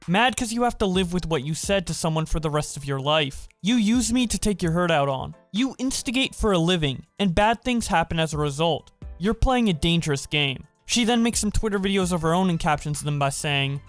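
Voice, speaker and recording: A man narrating online drama news and reading quoted posts aloud in an even manner. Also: high-pitched. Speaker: commentary narrator. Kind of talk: scripted narration over clips. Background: faint music.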